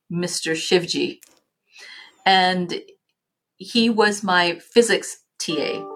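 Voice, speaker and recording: This lowish, slightly bright female voice belongs to a middle-aged Canadian nonprofit leader appearing as a podcast guest. She tells stories in a reflective way, frequently starting over and leaning on fillers.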